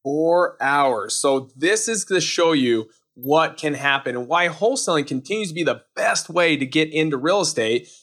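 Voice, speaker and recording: A man's voice: fairly high pitch, animated, normal speed, hardly any pauses, a bit bright. A man hosting a podcast, upbeat and salesy, cheering on his guest and driving the interview. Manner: hyped, salesy, playful. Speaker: podcast host.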